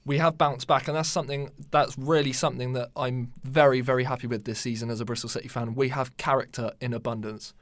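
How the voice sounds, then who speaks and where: An English man co-hosts a laid-back football podcast, sounding like an eager fan of his club. His voice sits at an ordinary pitch and is recorded close and dry, with no room sound. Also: steady tone, fast, few pauses, no room sound. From England. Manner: enthusiastic, fan-like. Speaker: podcast co-host. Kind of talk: casual football chat.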